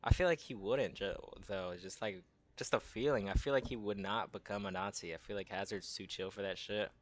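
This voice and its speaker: A man's voice: fairly low pitch, brisk. A young man giving casual, rambling, slangy commentary and tossing in "bro" a lot. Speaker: content creator.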